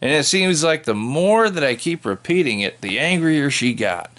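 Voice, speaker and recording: A man's voice: a little high, expressive, moderate pace, a bit bright. A man doing a sarcastic stand-up routine as a trucker, telling wry stories. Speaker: trucker comedian. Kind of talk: stand-up comedy how-to monologue.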